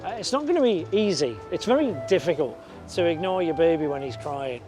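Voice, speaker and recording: A man with a voice pitched a little high explains things to dog owners in a plain, frank way, staying calm and reassuring. Music plays clearly underneath him. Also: fairly quick. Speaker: dog trainer. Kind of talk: reality TV conversation with dog owners. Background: background music.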